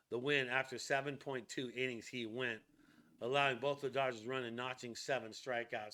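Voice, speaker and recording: A man hosting a casual sports news channel, chatting excitedly with jokey asides and laughs. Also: mid-range voice.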